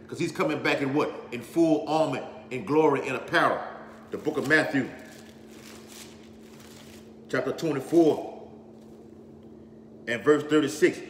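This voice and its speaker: A man's voice: medium pitch, fairly quick, long pauses, a bit bright. A man preaching on scripture with force, repeating himself as he builds and checking in with "all right?" and "okay?". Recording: echoey hall with faint background noise.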